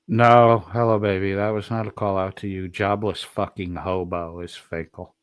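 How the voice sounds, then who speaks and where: A man's voice: low-pitched, flat delivery, moderate pace, clear, resonant tone, no room sound. A man streaming profane, mocking commentary, swearing constantly and throwing insults at someone in a clip.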